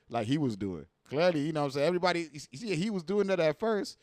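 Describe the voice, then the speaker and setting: A man giving casual reaction commentary, animated and profane, full of slang and repeated asides like "you know what I mean.". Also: a little high, quick pace, hardly any pauses, no echo, studio quality.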